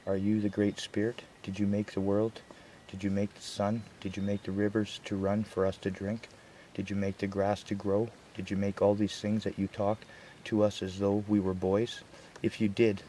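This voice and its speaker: A proud, defiant tribal chief answers back in a challenging, rhetorical tone, read by a man. The voice is deep and mellow with a fairly level pitch, over a faint hiss. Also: monotone, moderate pace, lightly acted.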